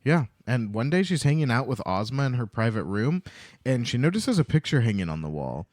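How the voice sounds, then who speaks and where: A young man co-hosting a book podcast, retelling the story in a relaxed way and acting out quotes. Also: mid-range voice, a little fast, no room sound, studio quality. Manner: relaxed, acts out quotes, laughs. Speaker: podcast co-host.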